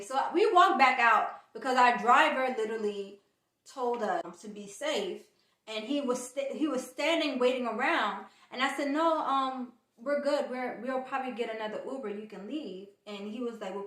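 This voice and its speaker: Woman vlogger, fairly high voice, animated storytime chat, echoey room. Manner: chatty, animated retelling with quoted dialogue. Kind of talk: casual storytime vlog.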